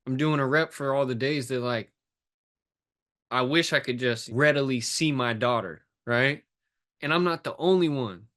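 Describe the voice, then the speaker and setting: A man's voice: medium pitch, normal speed, fairly bright tone. A man, a fitness and life coach as a guest, talking emotionally and intensely in an interview, swearing now and then. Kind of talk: impassioned interview talk.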